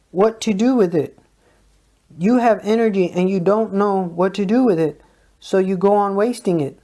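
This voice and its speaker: Calm, mellow reader of spiritual teachings. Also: mid-range voice, moderate pace. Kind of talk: read spiritual talk.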